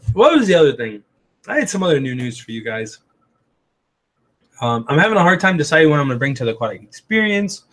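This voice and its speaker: A raspy-voiced man hosts a loose livestream at an average male pitch. He rambles through his thoughts, filling the gaps with "um" and "like", and answers viewer comments as they come in. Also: fairly bright tone. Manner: rambling, heavy on "um" and "like". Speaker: livestream host. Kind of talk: casual livestream chat.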